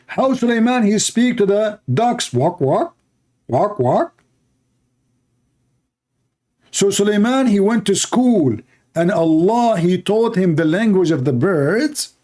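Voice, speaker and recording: A man's voice: sits high, a little slow, a little mellow. A man giving a mocking comedic monologue as a debate commentator, sarcastic and full of rhetorical questions. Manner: sarcastic, rhetorical, plays both sides of a mock dialogue.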